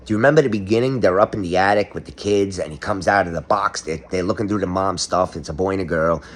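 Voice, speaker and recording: Speaking fast in a low voice, a middle-aged comedic commentator delivers a monologue. He rants sarcastically, as though he were exposing a conspiracy.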